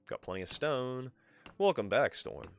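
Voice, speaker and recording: A man's voice: medium pitch, big pitch swings, measured pace, creaky, faint music behind. A man streaming a game live, swearing freely and chatting with his viewers and his cat. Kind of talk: live gameplay commentary.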